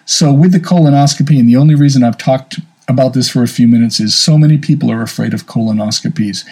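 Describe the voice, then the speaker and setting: A man's voice: mid-range voice, quick pace, dark tone, slightly rough, rough recording. A man in his fifties talking candidly and casually, telling a personal story and giving advice. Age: 50s. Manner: candid, storytelling, self-deprecating. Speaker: speaker sharing health advice.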